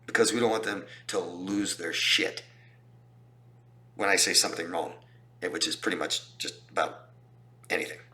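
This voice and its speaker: A man's voice: deep voice, moderate pace, pauses often, sharp tone. A man talking as a relationship coach in a casual explanatory style, emphatic and repeating points for stress. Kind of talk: casual explanatory talk to camera.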